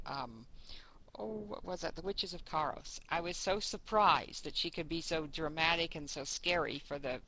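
A woman's voice: low voice, bright, forceful tone, slight background noise, poor audio. A woman in a casual group chat, talking in a chatty, rambling way with fillers as she reminisces. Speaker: book discussion group member.

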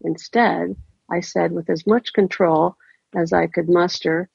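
A woman reads a first-person story in a measured, deliberate way. Her voice is deeply gravelly and husky, and she sits a little low in pitch. The recording is dry and dull, with a lo-fi sound. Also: fairly even intonation, darkish tone, no echo.

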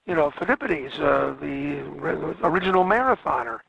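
A man's voice: a little high, animated, moderate pace, vocal fry, highs cut off, a crowd in the background. A man lecturing a class on history, rambling along and correcting himself with frequent fillers.

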